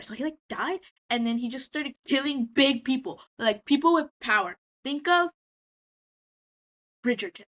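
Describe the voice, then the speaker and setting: Woman, tipsy, rambling, sassy, high voice, bright tone. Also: moderate pace. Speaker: vlogger. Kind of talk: casual show recap.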